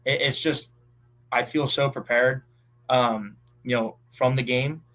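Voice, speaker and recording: A young man around twenty from southeastern Pennsylvania, a college ballplayer telling stories in a relaxed chat, full of fillers. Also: medium pitch, slow. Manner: relaxed storytelling with many fillers. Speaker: college baseball player, guest. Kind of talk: casual chat.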